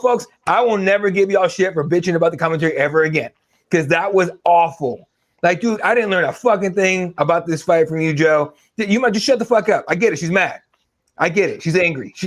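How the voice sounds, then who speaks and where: His voice is high-pitched and a bit bright. He co-hosts a casual podcast chat, ranting, swearing a lot and doing mocking impressions.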